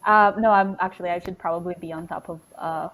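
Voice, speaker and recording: A woman's voice: on the low side, steady tone, quick pace, fairly bright tone, rough recording. A woman playing a tabletop game who speaks in a casual, blunt way. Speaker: player.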